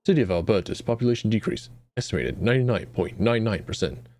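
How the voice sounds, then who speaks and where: A man voicing a failing ancient city computer in a flat, clipped report readout. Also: lowish voice, fast, slight background noise. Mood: clipped, mechanical.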